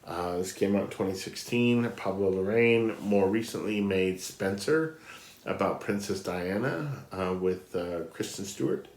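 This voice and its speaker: A man's voice: deep voice, measured pace, a little mellow, roomy sound. A man reviewing films in casual, rambling talk full of fillers and restarts, sounding stuffy and nasal. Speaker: film blogger ranking films. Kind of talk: casual spoken film review.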